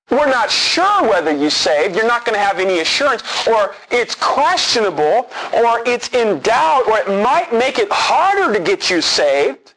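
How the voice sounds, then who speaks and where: Earnest high-voiced male preacher. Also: a bit bright, low-quality recording. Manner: earnest, emphatic, repeats key words for stress. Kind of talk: expository sermon.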